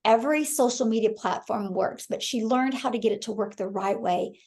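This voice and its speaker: At a normal speed and a fairly high, slightly mellow pitch, a Kansas-born host in her thirties runs a live sales webinar. She tells an enthusiastic story, regularly addressing the crowd as "you guys."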